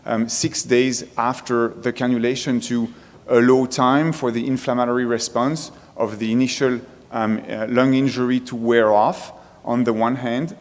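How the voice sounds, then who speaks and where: A man's voice: mid-range voice, steady tone, normal speed. A man with a French accent giving a conference lecture to a room of colleagues, explaining his points one by one. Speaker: physician presenting at a medical conference. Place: large lecture room with an audience. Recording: reverberant conference hall.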